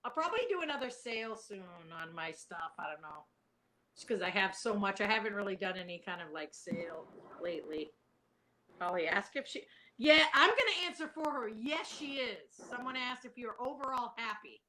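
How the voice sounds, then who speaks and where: A woman's voice: mid-range voice, sing-song, moderate pace, bright, forceful tone, low-quality recording. A woman hosting a casual live stream, talking in a bubbly way, swearing casually and laughing often. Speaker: host.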